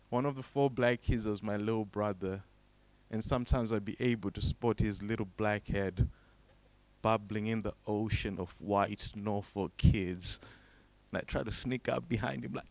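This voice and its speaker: A young man from Zimbabwe performing a stand-up comedy set. He delivers low, deadpan setups and then breaks into sudden high, shouted character voices. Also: normal speed, no room sound.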